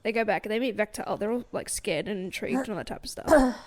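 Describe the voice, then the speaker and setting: A woman's voice: mid-range voice, quick pace. A young woman co-hosting a book podcast, recapping a novel in casual chat with lots of fillers and frequent laughs. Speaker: podcast co-host.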